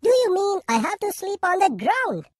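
A woman's voice: extremely high pitch, sing-song, normal speed, no room sound, clean studio sound. A woman voicing a fussy, spoiled male town mouse in a cartoon who complains and whines. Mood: whiny. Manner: whiny, complaining. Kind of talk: animated cartoon voice acting.

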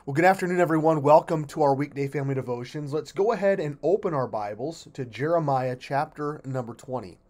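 A man's voice: animated, fairly quick, few pauses, a little mellow. A man leading a weekday family devotion as pastor, earnest and emphatic, often restarting his phrases as he explains a bible passage. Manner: earnest, emphatic, rises in pitch and volume when reading scripture; frequent restarts and fillers.

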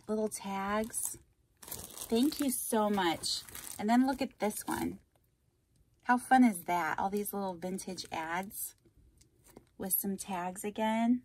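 A woman hosting a craft vlog, opening a package on camera and gushing with delight, with frequent exclamations and breathy asides. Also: medium pitch, a little hiss or hum. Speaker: craft channel host. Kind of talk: unboxing vlog.

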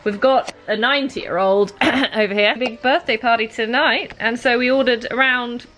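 A woman's voice: a little high, steady tone, moderate pace, a bit bright, slight background noise. A young woman from Britain chatting casually in a vlog, talking to her puppy and to the camera. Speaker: vlogger.

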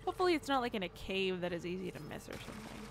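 A woman's voice: medium pitch, sing-song, racing, heavy background noise. Frustrated swearing woman gamer. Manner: frustrated, swearing, self-mocking. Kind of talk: casual gameplay commentary.

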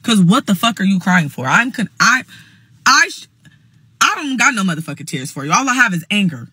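A woman's voice: mid-range voice, big pitch swings, a little fast, pushed and bright, slightly rough, no room sound. A young adult woman telling a heated storytime, blunt, profane and emphatic. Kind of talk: casual storytime monologue.

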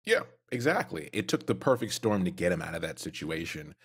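A man's voice: low voice, very animated, brisk, a bit bright, slight background noise. A man co-hosting a casual podcast, agreeably recapping a story. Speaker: podcast co-host. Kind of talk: casual lore discussion.

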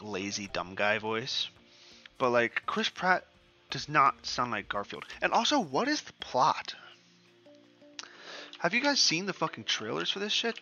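A man's voice: mid-range voice, pushed and bright, lo-fi sound. A young man giving casual, profane commentary over a game he is playing, rambling and ranting as he goes. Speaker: gaming streamer.

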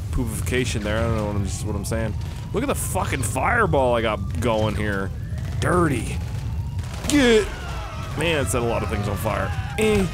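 A young man giving excitable, swearing commentary while playing a video game, yelping when things go wrong. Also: medium pitch, background noise. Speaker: gaming YouTuber. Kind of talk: let's play commentary.

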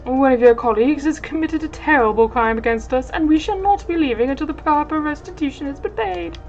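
A woman's voice: high voice, a little fast, darkish tone, muffled recording, soft background music, voice pushed up. A woman doing a preening foppish pirate captain. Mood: gloating. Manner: grandiloquent, flowery, villainous gloating. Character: pompous foppish male pirate captain, theatrical.

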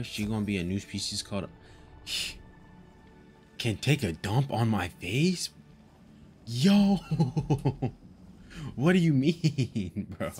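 A young man live-streaming a game, chatting casually, swearing and laughing often in an excitable way. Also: fairly low pitch.

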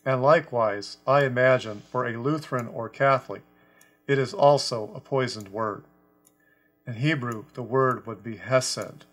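Measured man teaching a scripture lesson. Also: mid-range voice, a bit bright. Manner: deliberate, measured, stresses quoted words. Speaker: Bible teacher. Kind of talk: scripture lesson explaining a translation.

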